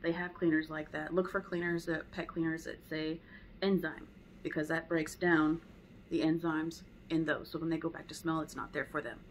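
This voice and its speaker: A woman's voice: deep voice, little pitch movement, normal speed, slight background noise, rough recording. A woman teaching dog training in a casual, conversational way at home. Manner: conversational, acts out dog and owner voices. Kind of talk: casual spoken lesson.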